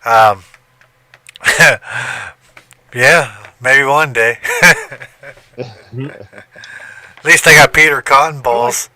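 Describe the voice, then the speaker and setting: A man's voice: medium pitch, drawn-out words, long pauses, pushed and bright, no room sound. A middle-aged man hosting a casual podcast, telling stories animatedly and swearing casually. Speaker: podcast host. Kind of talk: casual chat.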